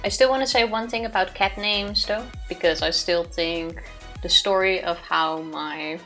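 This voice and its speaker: A woman's voice: fairly low pitch, measured pace, bright, forceful tone, faint music behind. Cheerful chatty woman co-host. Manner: cheerful, chatty storyteller, laughs easily. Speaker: let's play co-host. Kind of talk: casual chat over gameplay.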